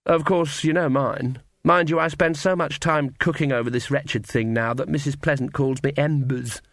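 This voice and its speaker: A man's voice: a little high, steady tone, moderate pace, fairly bright tone, no room sound, studio quality. A man voicing a guarded young woman who speaks bluntly and firmly. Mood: polite. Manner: blunt, firm. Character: guarded young woman, shy then defiant.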